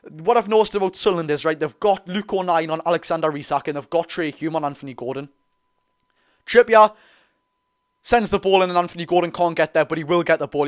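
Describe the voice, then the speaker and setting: Excitable Geordie man doing fan commentary. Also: a little high. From North East England. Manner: excitable, chatty, bursts into loud reactions. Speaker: streamer hosting a football watch-along.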